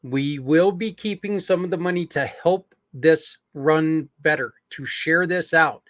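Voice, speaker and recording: A sincere podcast host with a fairly high, slightly bright voice meanders through asides and filler words while appealing to his audience, never rushing. The recording is dry and close-miked, with no sense of a room around him.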